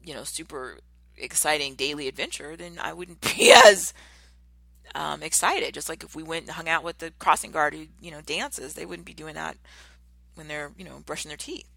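A woman hosting a motivational podcast, talking passionately and emphatically, and slowing down to stress her key words. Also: deep voice, big pitch swings, gravelly, a bit bright. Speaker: podcast host.

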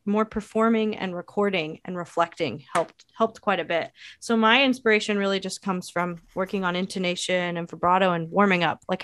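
A woman speaks as a guest on an interview, reflective and thoughtful, often circling back and restarting her sentences. Her voice sits at a medium pitch and sounds close and dry, with no room echo. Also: fairly bright tone. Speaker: saxophonist and educator, guest. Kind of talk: interview answers.

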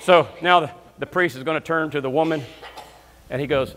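A man preaching as a guest minister, telling comic stories and breaking into loud shouts of praise. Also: on the high side, a little fast. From Alabama, US South. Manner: storytelling with bursts of shouting praise. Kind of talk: lively comedic sermon. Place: church sanctuary. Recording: long church hall reverb.

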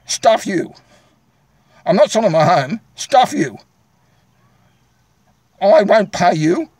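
Angry Australian man ranting, high voice. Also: no room sound. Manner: angry, combative, repetitive. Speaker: vlogger. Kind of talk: angry direct-to-camera rant.

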